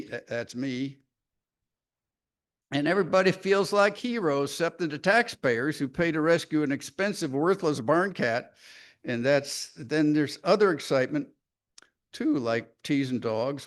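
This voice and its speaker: A man's voice: fairly high pitch, natural voice. A man voicing a proud, scrappy barn cat in a folksy country dialect, reading a poem aloud. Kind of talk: dramatic poetry reading.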